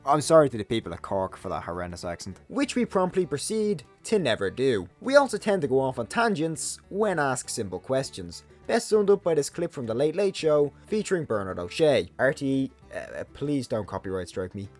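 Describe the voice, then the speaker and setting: A young Irish man hosting a comedy vlog, narrating a script with sarcastic deadpan asides. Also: medium pitch, fairly quick, hardly any pauses, faint music behind. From Ireland. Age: young adult.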